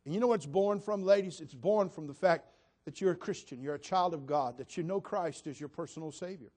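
A man's voice: on the high side, brisk, a little mellow. Emphatic male pastor preaching. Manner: emphatic, repeats phrases, direct questions to the congregation. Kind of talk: sermon.

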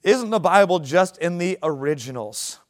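A man's voice: sits high, expressive, normal speed. A young adult male pastor preaching a sermon, talking conversationally and building to emphatic points.

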